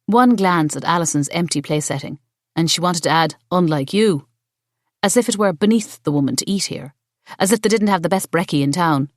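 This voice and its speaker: Woman narrator, audiobook, lowish voice, dry close sound, steady. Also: fairly quick, no room sound. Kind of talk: scripted narration.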